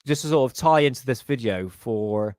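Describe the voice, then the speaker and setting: A man's voice: mid-range voice, lively intonation, moderate pace, darkish tone, smooth, dry recording, clean studio sound. A man hosting a live stream, talking casually with sarcastic, jokey asides. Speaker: livestream host.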